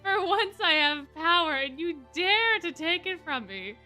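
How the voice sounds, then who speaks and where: A woman reading aloud as a bitter young man turned ink monster, taunting and shouting his lines. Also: high-pitched, lively intonation, measured pace, faint music behind, exaggerated voice. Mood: furious.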